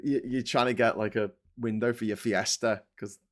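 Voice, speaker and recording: A man's voice: lowish voice, steady tone, moderate pace. A man with a Liverpool accent hosting a live-stream political chat, ranting with stammering restarts and swearing. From England. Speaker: livestream host.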